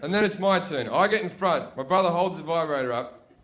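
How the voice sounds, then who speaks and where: Brash Australian stand-up comic. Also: male voice, fairly high pitch, brisk, slight background noise. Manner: brash, profane, animated storytelling. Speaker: stand-up comedian. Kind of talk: stand-up comedy storytelling. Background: audience laughter.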